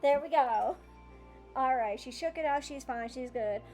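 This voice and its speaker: A woman's voice: high-pitched, unhurried, a little mellow, soft background music. A woman voicing a fussy, doting fairy mother who rambles as she fusses over her family. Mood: fussing.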